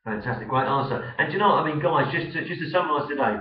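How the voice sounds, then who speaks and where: A man's voice: a little high, expressive, rapid-fire. A man with an Essex accent hosting a business web show, talking in a chatty, rambling way with many fillers. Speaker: host. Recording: echoey, distant, dull web-video sound.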